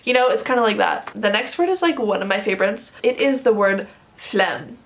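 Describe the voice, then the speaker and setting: A woman's voice: medium pitch, moderate pace, slight background noise. A young woman with a North American accent, explaining slang in a casual, emphatic vlog. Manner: enthusiastic, emphatic, lots of fillers. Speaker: language vlogger.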